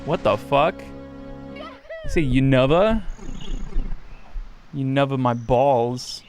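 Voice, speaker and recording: A man live-streaming a game, joking crudely with chat, rambling and suddenly shouting or squealing. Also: medium pitch, huge pitch swings, drawn-out words, long pauses, soft background music.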